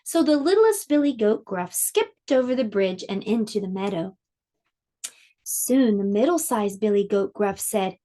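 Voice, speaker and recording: Sing-song, slow preschool teacher woman. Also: medium pitch, lively intonation, dark tone. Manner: sing-song and slow, explaining to small children. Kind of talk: preschool lesson and storybook reading.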